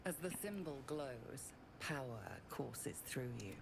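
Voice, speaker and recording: Deep raspy female game narrator, hushed scripted narration, noisy game sound. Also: big pitch swings, slow, exaggerated voice. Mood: ominous. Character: low-voiced female storybook game narrator. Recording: game audio with background noise.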